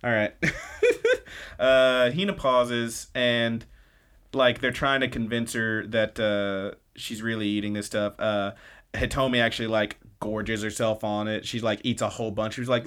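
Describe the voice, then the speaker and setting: Casual man recapping with quick quoted bits. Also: on the low side, flat delivery, a bit bright, clear, resonant tone. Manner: loose, chatty retelling with quick snippets of quoted dialogue. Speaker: podcast co-host.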